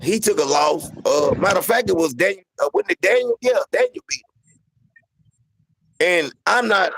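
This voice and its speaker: Gravelly man rambling on sports talk. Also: high voice, animated, normal speed, fairly bright tone, low-quality recording. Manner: rambling, repeats himself, lots of "you know what I'm saying". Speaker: sports talk show host.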